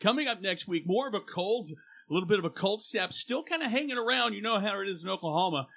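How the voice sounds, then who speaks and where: A man's voice: sits high, expressive, quick pace, bright, forceful tone, voice pushed up, full character voice. A man putting on the voice of an upbeat late-night radio DJ, with bouncy announcer patter.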